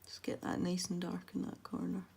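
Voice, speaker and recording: A young woman with a congested, stuffy voice, chatting softly as she narrates her colouring. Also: fairly low pitch, monotone, normal speed, vocal fry, slightly rough. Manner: soft-spoken, chatty and self-deprecating. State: congested from a head cold. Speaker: colouring video host. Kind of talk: relaxed colouring commentary.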